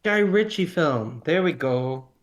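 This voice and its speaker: A man's voice: on the high side, animated, takes it slowly. A man co-hosting a casual film podcast, rambling and joking as he loses his train of thought. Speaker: podcast co-host.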